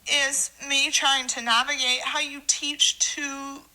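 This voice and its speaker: Woman, interview clip, earnest, reflective, high voice. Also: little pitch movement, slow pace, sharp tone, low-quality recording.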